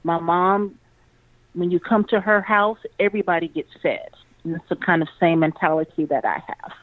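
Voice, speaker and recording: A woman's voice: on the low side, fairly even intonation, moderate pace, dry recording. A woman from southern Texas with a Texan accent, talking easily in a casual chat. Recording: tinny phone-like line.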